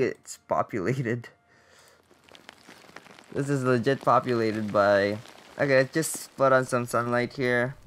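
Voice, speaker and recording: A man's voice: medium pitch, a bit bright, clear, resonant tone. Bemused young man swearing through a game. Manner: bemused, swears often, thinks aloud. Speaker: gaming YouTuber. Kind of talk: casual let's-play commentary.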